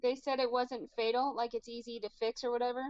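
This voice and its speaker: A woman's voice: a little high, level tone, fast, darkish tone, smooth, lo-fi sound. A woman co-hosting a casual livestream discussion, speaking hesitantly with many filler words. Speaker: watch-party co-host.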